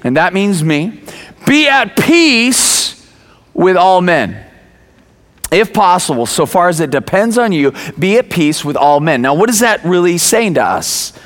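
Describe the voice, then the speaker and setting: A man in his forties, a pastor preaching a sermon, telling stories with lively acted-out voices and sudden raised words. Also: a little high, normal speed. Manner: animated storytelling, acts out quoted voices, bursts of raised voice.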